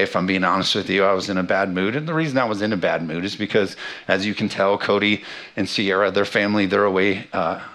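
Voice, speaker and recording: A man's voice: lowish voice, a bit bright. A man in his thirties, a pastor preaching a sermon, telling a funny family story with self-deprecating humor. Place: church sanctuary.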